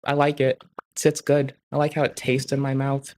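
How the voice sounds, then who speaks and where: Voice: medium pitch, monotone, normal speed, darkish tone. A streamer venting in a casual, rambling rant, swearing constantly and filling gaps with "like" and "bruh". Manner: profane, rambling, heavy swearing; frequent filler "like" and "bruh".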